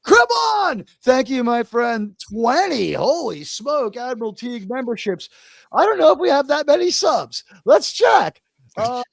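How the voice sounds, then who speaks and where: A man in his fifties hosting a casual live stream, excitable and rambling as he greets viewers one by one. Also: extremely high pitch, no echo.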